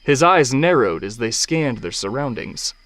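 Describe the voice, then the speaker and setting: Male narrator, mid-pitched, steady, descriptive storytelling read. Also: no room sound. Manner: measured and descriptive. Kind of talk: scripted audiobook narration.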